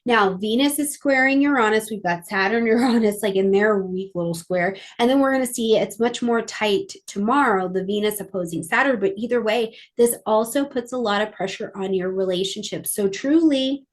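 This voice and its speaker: A woman astrologer talking through a weekly astrology forecast in a lively, conversational way, sometimes acting out little voices. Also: medium pitch, normal speed, hardly any pauses.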